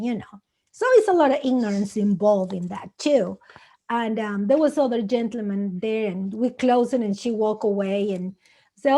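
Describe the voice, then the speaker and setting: A woman with a Mexican Spanish accent talks on a conference panel. Her voice sits fairly high, and her English is simple and non-native. She tells her stories with lively energy. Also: normal speed. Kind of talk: casual panel talk.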